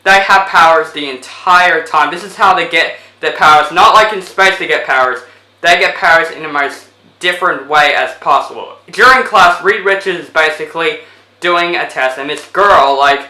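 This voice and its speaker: A man's voice: a little high, moderate pace, bright, forceful tone, echoey room, low-quality recording. A man casually retelling a movie plot as a reviewer, rambling with lots of fillers. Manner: rambling, full of fillers like 'basically'.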